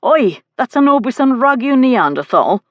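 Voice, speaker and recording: Brash teasing nobleman read by a woman: pitched high, theatrical, dry audiobook read. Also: big pitch swings, moderate pace, no room sound, lo-fi sound. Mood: indignant. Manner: mocking, boastful and theatrical. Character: brash teasing young nobleman, Morgan's brother. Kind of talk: audiobook character voice.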